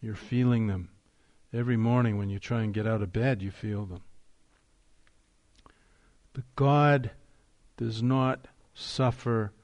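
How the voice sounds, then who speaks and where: A man preaching a sermon as pastor, rising in emphasis on key phrases and slowing down to drive points home. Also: mid-range voice, fairly even intonation, a little mellow.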